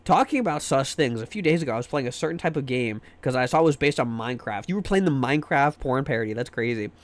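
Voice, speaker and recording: A man's voice: medium pitch, expressive, fast. A man streaming live, chatting casually and joking with his viewers, often trailing off into repeated fillers.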